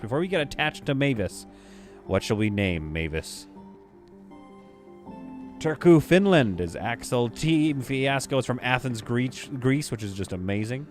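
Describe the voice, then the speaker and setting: A man from western Canada livestreaming a space-building game, thinking aloud and chatting with viewers as he plays. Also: mid-range voice. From Vancouver, Canada. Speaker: streamer playing a space sim. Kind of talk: live gameplay commentary, chatting with viewers.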